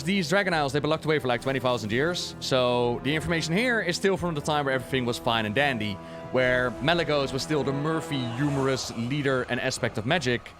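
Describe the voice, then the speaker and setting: A man with a slightly high voice streams a game and rambles through its lore. He jokes and swears casually as he plays. Quiet game music runs behind him. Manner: chatty, joking, swears casually. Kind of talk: casual lore commentary while playing.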